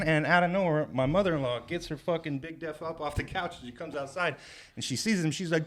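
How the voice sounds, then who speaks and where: A man workshopping a stand-up story in a casual comedy writing session, animated and profane, shouting out the lines he quotes. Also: a little high, fairly quick.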